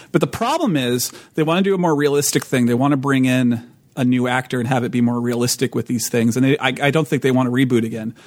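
On a tabletop gaming podcast, a male co-host rambles through casual chat, frequently restarting and laughing. His voice sits in the mid range, recorded without echo.

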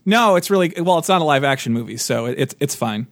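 A man co-hosting a podcast in casual chat, jokey and animated with quick asides. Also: mid-range voice, no echo. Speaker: podcast co-host.

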